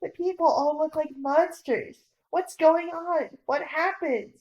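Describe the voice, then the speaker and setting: A scrappy, stubborn young boy with a high voice, blunt and urgent, as a woman reading a storybook puts him on. He speaks very slowly, and the room rings around him. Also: a little mellow, reverberant, highs cut off.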